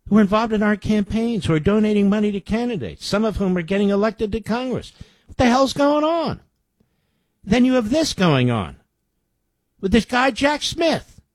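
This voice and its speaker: With no room sound, a high-voiced radio show host delivers political commentary, reading the news aloud. Between quoted reports he drops indignant, sarcastic asides.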